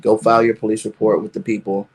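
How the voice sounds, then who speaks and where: A man's voice: on the low side, little pitch movement, quick pace, a little mellow, husky. Rambling man telling a story. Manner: rambling, fills with "you know". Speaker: caller. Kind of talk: casual storytelling.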